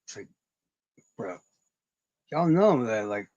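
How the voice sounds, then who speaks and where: A man's voice: lowish voice, very animated, takes it slowly, darkish tone, no echo, dull audio. A man hosting a casual livestream chat, rambling and swearing freely, and mocking himself as he talks to his viewers. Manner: rambling, profane, self-mocking. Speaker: livestream host.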